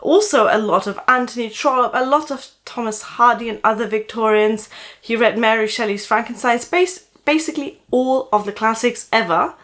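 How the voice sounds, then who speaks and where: Lady with a light german accent doing a casual book vlog, lots of little uh pauses. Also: on the high side, a bit bright. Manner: thoughtful, with frequent "uh" pauses. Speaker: book vlogger.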